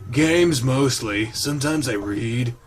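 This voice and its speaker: A man's voice: medium pitch, slow, soft background music, lightly acted. A man voicing a lazy, crude, joking young male goat character.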